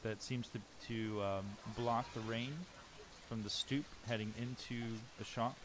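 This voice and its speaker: A man running a tabletop role-playing game as game master, narrating the scene at a middling pitch. He describes things step by step and pauses often on ums. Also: steady tone, background noise.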